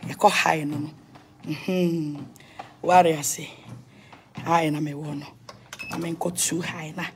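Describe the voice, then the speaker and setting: A woman's voice: sits low, level tone, unhurried, background noise. A Ghanaian woman vlogging casually at home, chatting to viewers in a loose mix of languages and blessing them. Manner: mixes Twi and English, chatty, blesses viewers. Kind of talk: casual home tour vlog.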